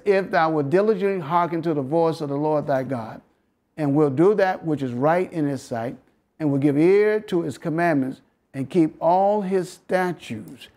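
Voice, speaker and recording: A man's voice: on the high side, a little mellow. Southern American man teaching scripture. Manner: preachy, coaxing the audience with questions and chuckles. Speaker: health lecturer. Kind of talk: interactive Bible health lesson.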